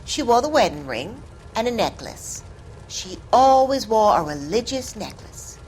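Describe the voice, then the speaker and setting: A woman's voice: on the high side, sing-song, a little slow, a little mellow, slight background noise, low-quality recording. An actress voicing a defensive, evasive landlady with a Southern US accent in a video game. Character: southern landlady, defensive, guarding her reputation.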